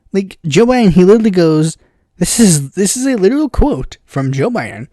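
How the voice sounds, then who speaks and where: A man's voice: high voice, sing-song, a little fast, warm tone, no room sound, studio quality. A man hosting a casual political commentary podcast, rambling with lots of fillers and bursts of exasperated impressions.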